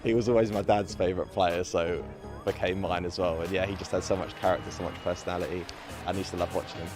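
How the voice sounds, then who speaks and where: A young man from England chatting casually about tennis and family, relaxed and full of fillers. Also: low-pitched, fast, over music. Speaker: guest interviewee. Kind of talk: casual to-camera chat.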